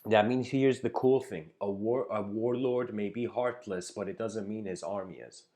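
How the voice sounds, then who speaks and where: Male spiritual teacher, lowish voice, relaxed storytelling lecture full of fillers. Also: moderate pace. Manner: conversational, many "you know" fillers.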